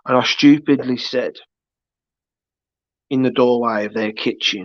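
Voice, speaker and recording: A man's voice: medium pitch, steady tone, unhurried, no echo. A man telling a long anecdote on a livestream, rambling, full of restarts and asides. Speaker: livestream host. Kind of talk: casual storytelling chat. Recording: dull lo-fi dry stream audio.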